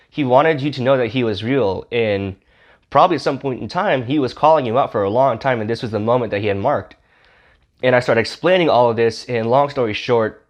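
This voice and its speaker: A man telling his personal testimony as an animated story, acting out the people in it. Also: mid-range voice. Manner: animated storyteller, acts out the other gamer in a raised voice. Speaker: testimony speaker.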